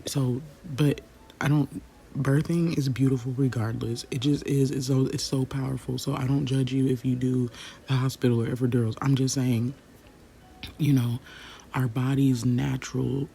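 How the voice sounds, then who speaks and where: A young woman vlogger who tells a personal story in a casual, animated way, swearing freely and talking straight to her viewers. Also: a bass voice, vocal fry, a little hiss or hum. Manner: animated, swears freely, acts out quotes, talks to viewers directly.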